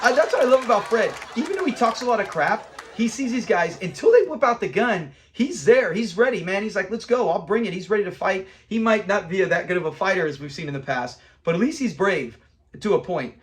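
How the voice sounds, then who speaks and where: A man hosting a casual episode review, animated and acting out lines from scenes. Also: high voice, brisk. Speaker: show host reviewing episodes.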